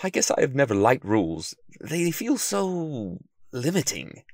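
A man voicing a loud, impulsive male detective who exclaims and stammers dramatically. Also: mid-range voice, huge pitch swings, unhurried, creaky, no room sound, studio quality, voice pushed up, exaggerated voice. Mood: eager.

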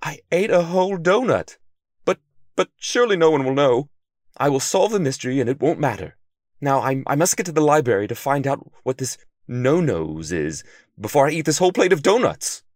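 A man voicing a loud, impulsive male detective who exclaims and stammers dramatically. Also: a little high, very animated, normal speed, dry recording, studio quality, pitched above the performer's own voice. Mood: dramatic.

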